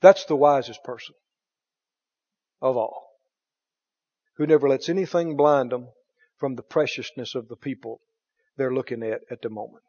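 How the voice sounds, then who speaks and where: A man preaching a sermon as pastor, reading scripture aloud with animated delivery. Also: medium pitch, normal speed, pauses often. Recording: dull sound in a long-reverb hall.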